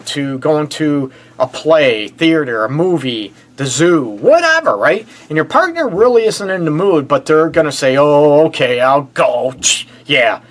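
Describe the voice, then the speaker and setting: A middle-aged man from the Detroit area hosting a casual relationship advice show, blunt and animated, often calling his listeners "people". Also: a little high. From Detroit area, USA. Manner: animated and blunt, addresses listeners as "people", frequent "you know what". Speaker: relationship counselor and show host.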